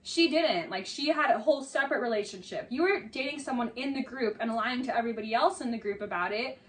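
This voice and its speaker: A woman giving casual, sarcastic commentary on a reality show, talking fast with lots of "like" fillers and sounding exasperated. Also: fairly high pitch, far from the mic. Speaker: video essay commentator.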